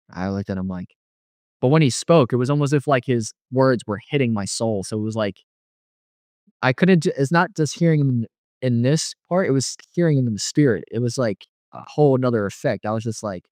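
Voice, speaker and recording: A man's voice: medium pitch, expressive, normal speed, no echo, clean studio sound. Man rambling through a personal story. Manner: rambling, many "like" fillers, quotes others. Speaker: guest telling his near-death story. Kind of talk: casual testimony.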